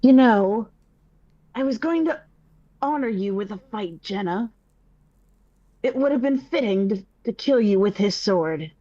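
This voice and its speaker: A woman's voice: medium pitch, darkish tone, no echo, lo-fi sound, natural voice. A woman playing a gloating tyrant warlord, Ganondorf. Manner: gloating, threatening. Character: cruel male warlord tyrant, gloating and menacing.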